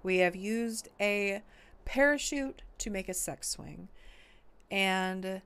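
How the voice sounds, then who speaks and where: A woman's voice: medium pitch, slow pace, a bit bright, smooth. A woman streamer talking in character during a game roleplay, frustrated and rambling, swearing often and full of fillers.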